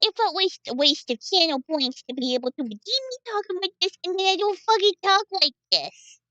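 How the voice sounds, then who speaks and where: A woman putting on a high, bouncy, chirpy voice of a young woman while chatting on a live stream. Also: expressive, brisk, sharp tone, no room sound, lo-fi sound, exaggerated voice. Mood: playful. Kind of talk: casual live-stream chat.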